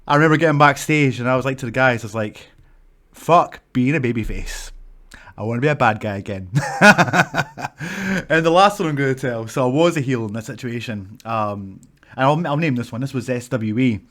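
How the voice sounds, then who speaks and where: A man's voice: medium pitch, moderate pace, a bit bright. A Scottish man, a wrestler, telling stories to camera in a casual vlog, swearing freely and acting out the people in them. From Scotland.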